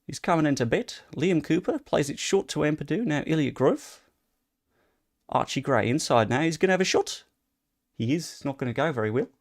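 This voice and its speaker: A man putting on a generic Australian accent as a lively play-by-play sports commentator. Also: a little high, a little fast, pitched above the performer's own voice. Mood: excited.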